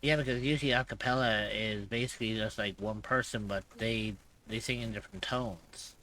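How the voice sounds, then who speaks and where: Low bright-toned man, off-mic. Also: fairly even intonation, fairly quick, recorded from a distance, a little hiss or hum, low-quality recording. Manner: rambling, hesitant, restarts sentences. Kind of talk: casual stream chat.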